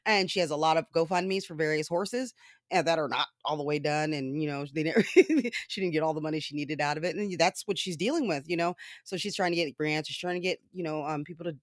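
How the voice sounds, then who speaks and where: A woman telling a story in casual commentary style, animated and often laughing, with profane asides. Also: deep voice, quick pace, no room sound, clean studio sound.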